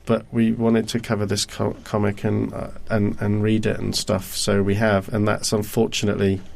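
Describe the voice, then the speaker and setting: A man's voice: lowish voice, completely flat delivery, normal speed, gravelly, a little mellow. A man co-hosting a comics podcast, talking casually with jokes and hesitant filler words. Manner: joking, rambling, hesitant with many ums. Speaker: podcast co-host. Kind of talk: casual chat.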